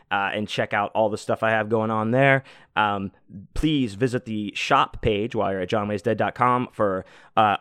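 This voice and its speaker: A man's voice: medium pitch, a bit bright, no echo, studio quality. A man hosting a podcast, telling a story in a casual, profane, laid-back way and laughing often. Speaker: podcast host.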